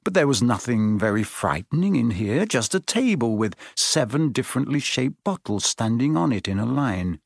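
A man narrating a children's fantasy storybook in an even, measured reading. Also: medium pitch, creaky, dry recording, clean studio sound. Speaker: audiobook narrator.

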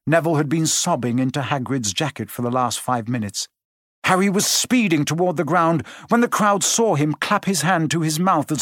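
Man reading a story aloud, fairly high voice, expressive, dry close sound. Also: dry recording. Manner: expressive storytelling with shifting pace. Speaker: audiobook narrator. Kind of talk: scripted narration.

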